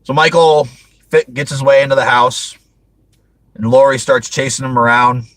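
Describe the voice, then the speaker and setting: A man's voice: medium pitch, fairly even intonation, normal speed, fairly bright tone, dry recording, low-quality recording. A man hosting a casual movie review chat, rambling with frequent restarts and laughing often. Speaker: host.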